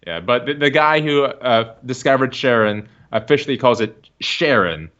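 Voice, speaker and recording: Male podcast host; excitable rambler, bright tone, lo-fi stream audio. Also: mid-range voice, moderate pace. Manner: rambling, excitable, laughs a lot. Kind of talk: casual chat. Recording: dull lo-fi stream recording.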